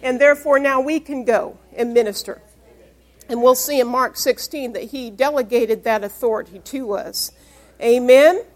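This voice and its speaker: High-voiced woman preaching with emphasis. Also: moderate pace. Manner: emphatic, call-and-response questions. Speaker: pastor. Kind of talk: sermon.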